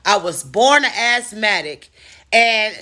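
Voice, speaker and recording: Bright-voiced woman telling a dramatic story. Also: mid-range voice, slow pace. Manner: animated, profane, dramatic storyteller. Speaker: storytime vlogger. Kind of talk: casual storytelling.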